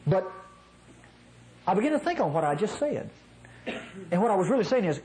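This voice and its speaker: A man's voice: sits high, big pitch swings, normal speed, darkish tone, low-quality recording. A man from North Mississippi with a nasal voice, preaching a conversational sermon in a folksy way, often chuckling at his own asides.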